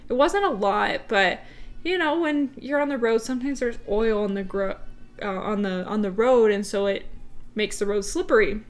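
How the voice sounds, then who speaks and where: Young female podcast co-host, mid-pitched, casual, filler-heavy storyteller. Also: normal speed, faint music behind. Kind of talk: casual chat.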